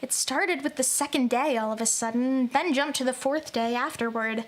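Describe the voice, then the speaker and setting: High-voiced woman streamer joking through a game. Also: moderate pace. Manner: animated, joking, reads game text aloud. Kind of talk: let's-play commentary.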